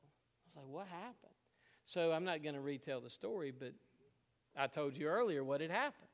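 Pastor guy, kinda high voice, telling a story in a big echoey church hall. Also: moderate pace. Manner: storytelling, emotional, laughs often. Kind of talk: sermon.

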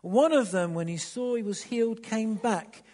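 High-voiced preacher man in a reverberant hall. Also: normal speed. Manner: swings from soft near-whispers to loud emphatic bursts; restarts and repeats words when stirred. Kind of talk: sermon. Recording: long reverb of a large hall.

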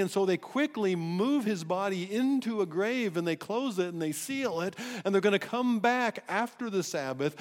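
A man preaching a sermon as pastor, emphatic and animated, often restarting his phrases. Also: high voice, long reverb tail. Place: church sanctuary.

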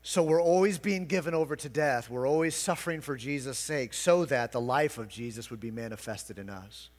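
A male pastor delivering a sermon, building to emphatic, loud passages and then dropping to quiet, intense explanation. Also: mid-range voice, a little fast, big-room sound.

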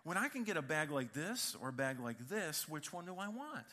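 A middle-aged male pastor delivers a sermon in a lively, joking storytelling manner. His voice sits a bit high and sounds bright and forceful. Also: moderate pace. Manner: animated storytelling with humor.

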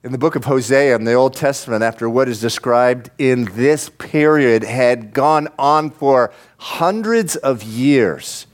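A pastor with a mid-range voice delivers a sermon in church, speaking a little slowly and with few pauses. He addresses his congregation directly, building toward fervent, impassioned emphasis through repetition.

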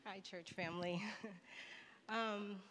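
A woman's voice: medium pitch, steady tone, takes it slowly, fairly bright tone. A woman sharing her personal testimony at church, speaking with many fillers and light nervous laughs. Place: church sanctuary. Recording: echoey church hall with faint noise.

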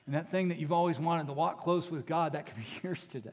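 A man's voice: fairly high pitch, fast talker, few pauses. Preaching man in a reverberant hall. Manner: builds from hushed to emphatic preaching. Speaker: pastor. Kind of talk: sermon.

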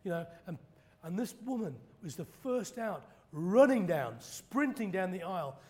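A man preaching a sermon, telling stories dramatically and acting out quoted preachers in loud high bursts. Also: very animated, unhurried. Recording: long hall reverb.

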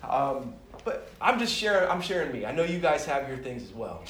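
A man's voice: medium pitch, normal speed, slight background noise. Man preaching conversationally in an echoey room. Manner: conversational, self-deprecating, animated when telling stories. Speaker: pastor. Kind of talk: sermon with personal stories. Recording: echoey room heard from a distance.

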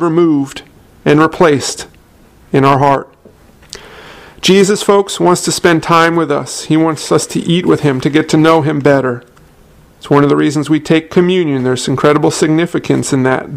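A man's voice: high voice, creaky. A man preaching a sermon in a conversational way, often calling his listeners folks, telling a story from his seminary years. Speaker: pastor.

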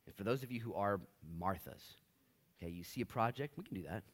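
A man preaching a sermon in a church, animated and joking, acting out short voices. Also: lowish voice, fast talker. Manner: animated, jokey, acts out voices in bursts. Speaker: pastor.

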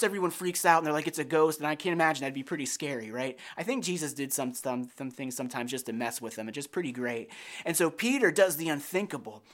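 A man's voice: fairly high pitch, a bit bright. A man preaching a sermon as a pastor, telling a personal story in an earnest way and acting out his own prayers.

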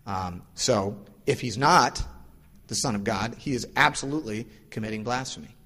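A male pastor giving a casual, explanatory sermon. He acts out the voices of the people in his stories. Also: moderate pace. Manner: casual and explanatory, acts out quoted voices with lively pitch jumps. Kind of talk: conversational sermon. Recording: long reverb of a large hall.

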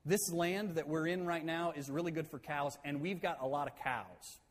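A preacher playing a band of cattle-herding tribesmen who pitch a bargain to their leader. They speak in a persuasive, deal-making way, a little higher than average for a man, and the voice carries a long hall reverb. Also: moderate pace, close to an everyday voice. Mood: pleading.

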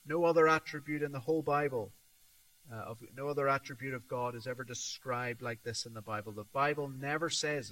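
A man preaching a sermon, slow and emphatic, swelling on repeated words and dropping soft at the ends of his points. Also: mid-range voice, poor audio.

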